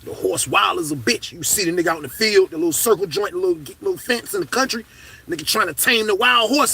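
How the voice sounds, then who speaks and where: A man telling a comedic story in casual, slangy talk, swinging from hushed to loud. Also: high voice, big pitch swings, a little fast, gravelly, breathy edge.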